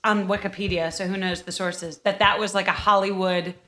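A woman's voice: mid-range voice, little pitch movement, fairly quick, bright, forceful tone. Woman musing casually on a podcast. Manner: thoughtful, hedging, uses "like" often. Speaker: podcast co-host. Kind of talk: casual book-club chat.

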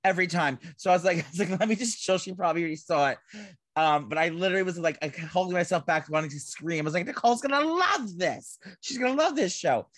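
A man's voice: fairly high pitch, fairly even intonation, rapid-fire, a bit bright, no echo. A man co-hosting a podcast in casual chat, rambling with lots of fillers and restarts. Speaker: podcast co-host.

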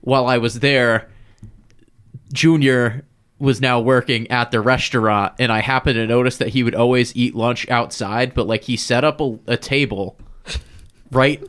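A man with a voice of middling pitch chats on a casual podcast. He talks in a relaxed way, fills his sentences with "like" and swears freely. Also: moderate pace, clean tone. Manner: laid-back, swearing, lots of "like". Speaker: guest.

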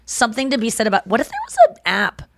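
A woman's voice: on the high side, fast, dry recording, clean studio sound. A woman co-hosting a podcast in casual chat, rambling and laughing often. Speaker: podcast co-host.

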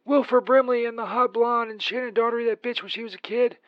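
A man's voice: extremely high pitch, fairly even intonation, quick pace, dry recording, muffled recording, pitched above the performer's own voice. A man voicing a crude, rambling Saint Peter who leaves a profane, petty comic voicemail. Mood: rambling grudge.

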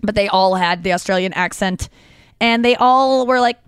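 A woman hosting a podcast in casual chat, animated and gushing, with casual swearing. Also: medium pitch, normal speed, smooth, no room sound, clean studio sound. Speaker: podcast host.

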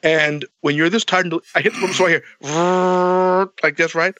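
A man telling a long story in a casual, animated way, swearing a lot and acting out both sides of the dialogue. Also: high-pitched, moderate pace, no echo.

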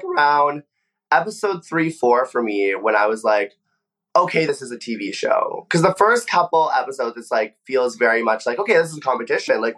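A young man talks through his backstage stories in a loose, chatty way, peppering everything with "like" and slipping into quick impressions of the people he quotes. His voice sits at an everyday middle pitch. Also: a bit bright. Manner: chatty, frequent "like" fillers, acts out quoted voices. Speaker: former reality competition contestant, guest. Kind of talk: casual interview storytelling.

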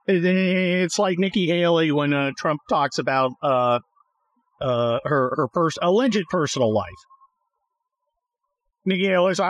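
A man's voice: on the high side, a little slow, long pauses, low-quality recording. A man hosting a podcast from his car, ranting sarcastically and swearing at traffic. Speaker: podcast host. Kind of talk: casual ranting chat while driving.

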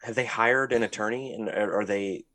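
A man with a fairly low voice co-hosts a casual podcast chat, speaking at a moderate pace. He's blunt, thinks out loud and swears freely, and the recording sounds dry and close.

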